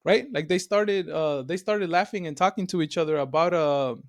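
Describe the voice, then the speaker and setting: A man, chatting casually on a podcast and telling stories with animated, acted-out quotes. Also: on the high side, moderate pace, a little hiss or hum. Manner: animated storytelling, swears freely, acts out quoted voices. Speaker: podcast co-host.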